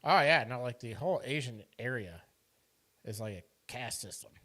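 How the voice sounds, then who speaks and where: A man's voice: medium pitch, expressive, moderate pace, sharp tone. A man from Iowa co-hosting a casual podcast, talking in loose rambling runs and laughing easily. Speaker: podcast co-host. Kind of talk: casual chat.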